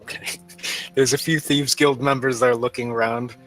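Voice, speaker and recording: Bright-voiced male game master. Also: medium pitch, steady tone, moderate pace, soft background music, rough recording. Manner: laughs often, playful narration. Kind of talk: narrating a tabletop game.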